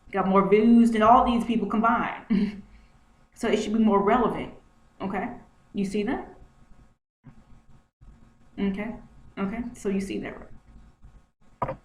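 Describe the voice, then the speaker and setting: A woman vlogging from home at her computer, talking through what is on her screen in an agitated way and repeating herself often. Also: mid-range voice. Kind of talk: screen-share commentary. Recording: roomy echo, faint noise.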